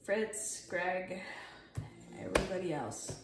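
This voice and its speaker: Speaking slowly in a fairly low voice, this young artist flips through her sketchbook in a loose, rambling chat peppered with swearing and self-mockery. She's far from the mic in an echoey space, with music and heavy background noise.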